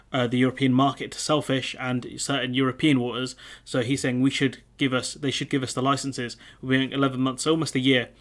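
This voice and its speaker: A man's voice: medium pitch, fairly bright tone. A man reading news articles aloud and commenting on them in a casual way, with frequent ums and asides. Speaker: political commentator.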